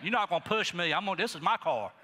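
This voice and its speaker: A middle-aged male pastor preaching a sermon in a folksy, animated way, talking straight to the congregation. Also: high voice, fast talker, long reverb tail, a little hiss or hum. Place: church sanctuary.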